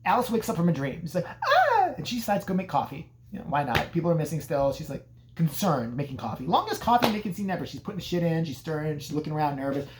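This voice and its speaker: A man's voice: a little high, animated, fast talker, noisy background. A man casually recapping a horror movie in a profane, sarcastic way. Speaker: movie reviewer.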